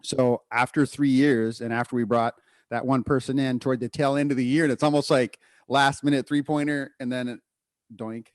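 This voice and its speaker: A man co-hosting a podcast, telling a candid personal story in casual chat, full of fillers and quick asides. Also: medium pitch, level tone, no room sound, clean studio sound. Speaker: podcast co-host.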